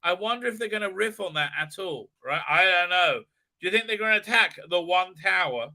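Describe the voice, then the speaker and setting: A man's voice: high-pitched, lively intonation, a little fast, bright, forceful tone. Sarcastic, profane man ranting. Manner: sarcastic, profane, many fillers. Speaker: live stream host. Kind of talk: ranting commentary.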